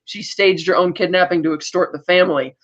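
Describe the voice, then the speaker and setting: High-voiced rambling man, muffled audio. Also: steady tone, fairly quick, fairly bright tone. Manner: rambling, with many restarts and likes. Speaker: podcast co-host. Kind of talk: casual chat recapping a TV episode.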